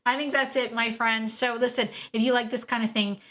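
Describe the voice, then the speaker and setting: A woman hosting a solo podcast about dog training, chatty and warm, laughing often and repeating phrases for emphasis. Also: on the high side, little pitch movement, a little fast. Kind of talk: casual solo podcast talk.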